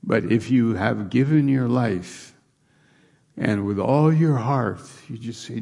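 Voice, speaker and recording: A man's voice: medium pitch, slow, gravelly, darkish tone. A man preaching a sermon, reading scripture aloud and talking through it with restarts.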